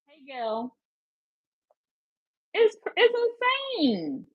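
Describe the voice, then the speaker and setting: Philly woman on a live stream, high husky voice, dry close sound, hyped and chatty. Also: big pitch swings, takes it slowly, long pauses, no echo, phone-quality sound. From Philadelphia. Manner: chatty, greets viewers by name, emphatic slang. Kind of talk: casual live-stream chat.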